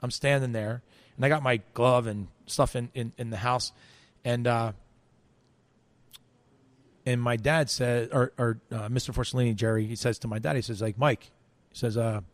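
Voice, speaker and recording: A man's voice: mid-range voice, fairly even intonation, normal speed, no echo. A man telling a story in an interview, acting out quoted voices, with frequent restarts. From United States. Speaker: interview guest.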